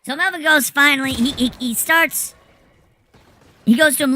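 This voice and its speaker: A woman telling a rambling anecdote in a casual, animated way, swearing freely as she goes. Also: high voice, fairly quick. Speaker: storyteller.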